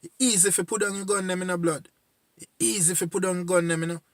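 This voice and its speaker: A man's voice: sits high, quick pace, fairly bright tone, dry recording, clean studio sound. A man in his forties from Jamaica with a Jamaican accent, making an earnest, repetitive spoken appeal to young men. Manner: pleading, repetitive, heartfelt. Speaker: community voice addressing young men.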